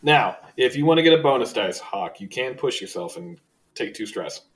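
Casting note: male game master, easygoing, mid-pitched, rambling narration full of fillers. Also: lively intonation, a little hiss or hum, rough recording. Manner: casual, halting with fillers.

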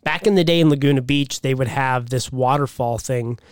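A man's voice: mid-range voice, fairly quick, smooth, no echo, studio quality. A man from Utah co-hosting a podcast, talking in blunt, profane, casual banter and telling stories from his youth. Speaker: podcast co-host.

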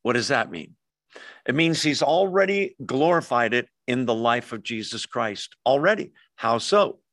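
A man preaching a verse-by-verse sermon, his pitch sitting in the middle of a man's range. He keeps putting questions to the congregation. The sound is dry and close, with no room echo. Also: lively intonation, unhurried, a bit bright. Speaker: pastor.

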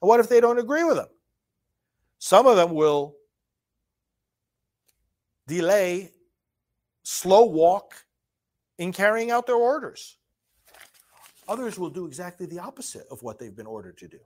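A man's voice: high voice, big pitch swings. A man hosting a solo political commentary show, reading from a speech and discussing it emphatically, often repeating words and restarting phrases. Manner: reads quoted lines slowly and forcefully.

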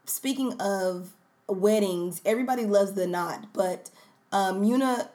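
A woman's voice: mid-range voice, a little slow. Playful woman co-host on tangents. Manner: animated, playful, goes off on tangents. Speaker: podcast co-host. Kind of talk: casual chat.

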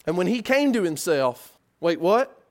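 A man's voice: sits high, very animated, measured pace, darkish tone. A man preaching a sermon, telling a story in a conversational way full of rhetorical questions and acted-out quotes.

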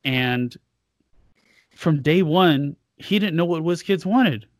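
A man's voice: fairly high pitch, lively intonation, slow, no echo. A man co-hosting a casual gaming podcast, speaking in a plain mid-range voice. He rambles frankly and swears now and then, recorded dry and close with no room sound. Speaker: podcast co-host. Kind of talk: casual chat.

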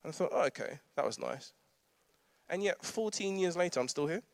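A man's voice: fairly high pitch, expressive, fairly quick, gravelly, no echo. A man, preaching a conversational sermon with humorous asides and frequent laughter. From London. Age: 30s.

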